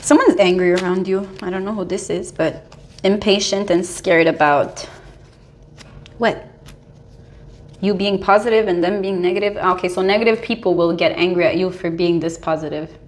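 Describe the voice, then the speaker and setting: A young adult woman talking casually as a tarot reader, animated and full of "like"s, often breaking into laughter. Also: fairly low pitch, normal speed. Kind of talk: casual spiritual advice monologue.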